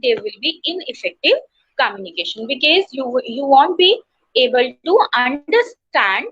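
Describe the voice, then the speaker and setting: A woman with an Indian English accent giving an online class lecture to students, explaining slowly with many pauses and fillers. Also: sits high, sing-song, a bit bright, husky. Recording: dull lo-fi online class audio.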